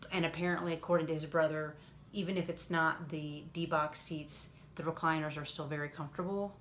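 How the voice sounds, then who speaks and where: A woman with a lowish voice talks in a loose, rambling way and keeps stopping to correct herself. She sounds relaxed and chatty. A faint hum of room noise sits behind her. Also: a little fast. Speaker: podcast co-host. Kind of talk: casual chat.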